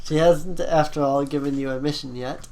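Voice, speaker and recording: A game master narrating a tabletop game, halting often with ums and uhs. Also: medium pitch, steady tone, dark tone.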